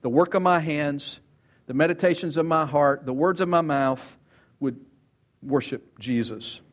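Emphatic male preacher. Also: a little slow. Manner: emphatic, rises in pitch for quoted lines, repeats words. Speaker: pastor. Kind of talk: expository sermon.

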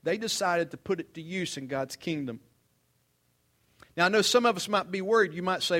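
An older man, a pastor, preaching a sermon in a conversational, animated way, mixing humorous stories with scripture and swinging between loud emphasis and quiet asides. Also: sits high, moderate pace, pauses often.

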